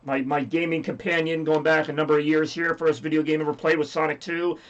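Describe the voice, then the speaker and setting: A man's voice: a little high, flat delivery, fairly quick, a bit bright, dull audio. A man with a scratchy voice hosting a livestream, rambling casually and joking with chat. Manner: rambly, jokey, reads chat aloud. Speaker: livestream host.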